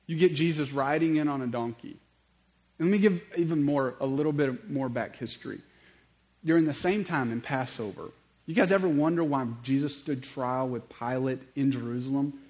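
A man preaching a sermon, telling stories in an animated way with conversational asides. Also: mid-range voice, normal speed, low-quality recording. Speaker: pastor.

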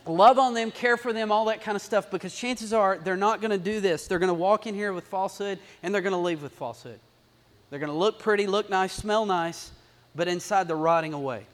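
A man's voice: sits high, brisk. A male pastor preaching a sermon, talking animatedly, repeating phrases and building to emphatic bursts. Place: church sanctuary. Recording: long hall reverb.

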